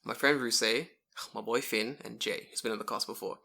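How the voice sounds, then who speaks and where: A man hosting a casual podcast, telling animated stories and swearing freely. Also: mid-range voice, fairly quick, vocal fry. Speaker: podcast host.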